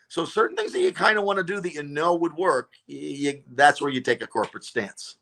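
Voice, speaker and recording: Bright-voiced animated male comedian. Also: on the high side, moderate pace. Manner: animated storyteller, many fillers and restarts. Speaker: comedian and radio show regular, guest. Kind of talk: casual interview chat.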